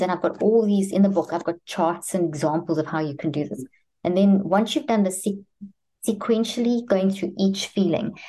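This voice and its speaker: A woman with a lowish, mellow voice, speaking as a guest expert in an interview. She lays out her method in order, step by step, and slips into short exchanges between parent and child. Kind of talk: explanatory interview answers.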